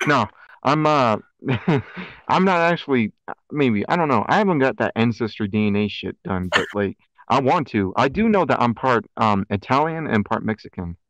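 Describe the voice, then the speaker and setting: A man's voice: mid-range voice, expressive, normal speed, fairly bright tone, no room sound. A man with a country twang mixed with city slang, chatting casually as a podcast co-host and rambling through many fillers and restarts. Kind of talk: casual chat.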